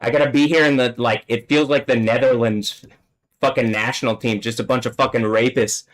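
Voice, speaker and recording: A man's voice: medium pitch, fairly even intonation, a little fast, poor audio. A man hosting a solo livestream, talking in an agitated, swearing rant. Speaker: livestream host.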